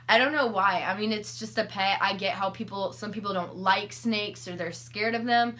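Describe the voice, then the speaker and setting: A young woman vlogger telling a story in a casual, animated, profane and sarcastic way. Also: medium pitch.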